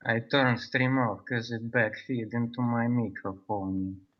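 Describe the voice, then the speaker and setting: A man playing a caller who pleads for help to leave his poor country, speaking halting broken English. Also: medium pitch, flat delivery, close to an everyday voice. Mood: pleading. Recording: dull lo-fi call audio.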